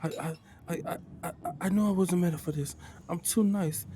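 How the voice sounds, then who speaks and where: A man's voice: sits high, moderate pace, mellow, slight background noise, voice pushed up, lightly acted. A man doing Kiba, a frantic young adventurer. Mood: panicked. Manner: frantic, stammering, repeating himself. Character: nervous young male adventurer, too nice, panicking.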